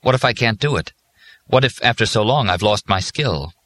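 A man's voice: lowish voice, expressive, moderate pace, a bit bright, pitched above the performer's own voice. A man voicing an anxious, worried male craftsman in an audiobook. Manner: worried, pleading.

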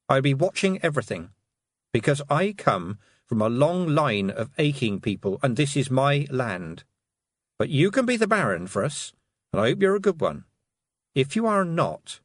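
Man doing a calm steely girl witch. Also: medium pitch, no room sound, pitched above the performer's own voice. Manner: calm, firm, measured.

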